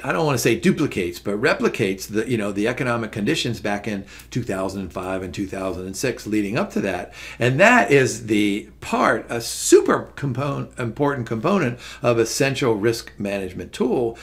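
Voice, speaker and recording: A man's voice: mid-range voice, lively intonation, normal speed, few pauses, a bit bright. A middle-aged man teaching an exam prep lesson over slides, chatty and loose, with many fillers and restarts. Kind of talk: recorded lecture over slides.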